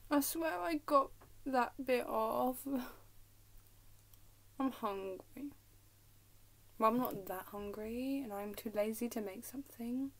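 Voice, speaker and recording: A woman's voice: a little high, takes it slowly, pauses often. Young woman, English accent, casual vlog chat, giggly, whispery asides, home recording. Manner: chatty and giggly, drops into whispers. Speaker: vlogger. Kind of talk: casual rambling chat to camera. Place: at home in her room.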